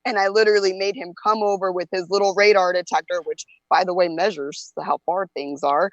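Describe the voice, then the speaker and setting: A woman guest telling a story in a chatty, animated way. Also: fairly low pitch, fairly quick, no room sound, dull audio. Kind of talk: casual storytelling on a talk show.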